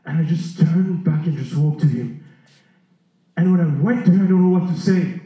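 A man with a high voice preaching, his words ringing through a big echoey hall. He tells the story with animated energy, often restarting and repeating words. He sounds set back from the microphone. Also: normal speed, recorded from a distance. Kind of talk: sermon storytelling to a congregation.

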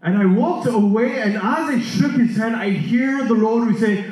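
A man preaching a sermon, telling a story in an animated way with many restarts and repeated words. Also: high-pitched, normal speed, few pauses. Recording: echoey hall, voice from far off.

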